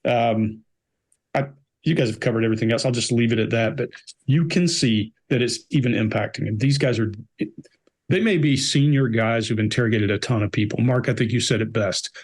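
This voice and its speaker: A middle-aged man talks as a regular on a body language panel. He is blunt and emphatic and drives his points home by repeating them, in a voice of ordinary pitch. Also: brisk. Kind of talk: casual panel discussion.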